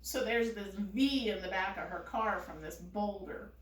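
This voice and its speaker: A woman telling a casual family anecdote, animated and often laughing as she talks. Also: mid-range voice, unhurried, roomy sound, recorded from a distance. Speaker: storyteller.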